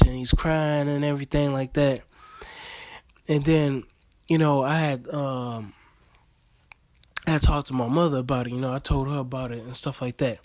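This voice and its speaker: Man, rambling casual commentary, higher voice, dry close sound. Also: no room sound. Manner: loose, rambling, with laughs and many fillers. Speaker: vlogger.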